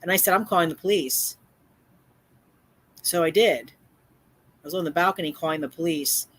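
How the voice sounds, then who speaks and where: A woman's voice: fairly low pitch, normal speed, fairly bright tone. A woman hosting a livestream who tells her chat about a neighbor with emphatic repetition, many fillers and restarts, sounding upset and shaken. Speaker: livestream host and community cat caretaker.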